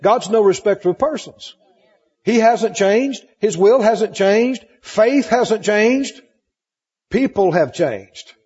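A man preaches with emphatic repetition, pressing his congregation with questions. His voice sits high and has a husky edge. The recording is muffled, and the sound rings with long reverb from the church hall. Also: lively intonation, slow, a little mellow. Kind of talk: sermon.

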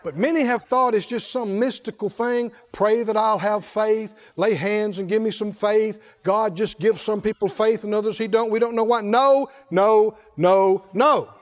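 A male pastor preaching a sermon in an emphatic call-and-response style, shouting some refrains. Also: sits high, unhurried, few pauses.

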